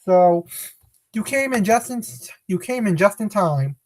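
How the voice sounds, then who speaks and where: A woman's voice: medium pitch, animated, a little slow, a little mellow. A woman casually chatting on a live stream, rambling, correcting herself, and greeting viewers by name.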